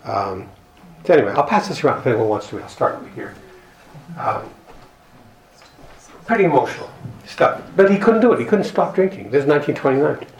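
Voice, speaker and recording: A man's voice: mid-range voice, very animated, fairly quick, long pauses, roomy sound, slight background noise, low-quality recording. A man speaking at a recovery group meeting, reading passages from a book and telling stories in an earnest, reflective way with wry humor. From Canada. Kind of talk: personal talk reading from a book.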